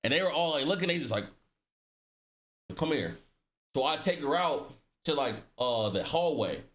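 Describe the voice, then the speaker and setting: A man's voice: on the high side, lively intonation, fairly quick, a bit bright. A man telling a personal story in casual storytime style, slangy and profane, acting out the dialogue with voice shifts. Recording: roomy echo.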